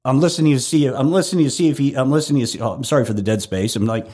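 A man's voice: medium pitch, very fast, darkish tone, husky. A man hosting his own podcast from home, chatting casually with a loose, self-deprecating manner, free swearing and frequent restarts. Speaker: podcast host. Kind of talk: casual rambling podcast monologue.

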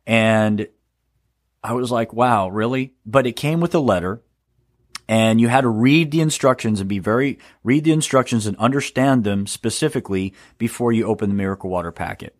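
A man's voice: fairly low pitch, moderate pace, no echo, studio quality. A man hosting a solo podcast, talking in a sarcastic, rambling way with stammers and laughs. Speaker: podcast host.

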